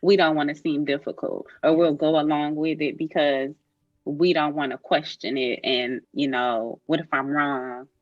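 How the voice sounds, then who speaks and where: A woman's voice: low-pitched, steady tone, moderate pace, no room sound, lo-fi sound. A woman doula speaking earnestly and reassuringly in a roundtable discussion, with frequent fillers.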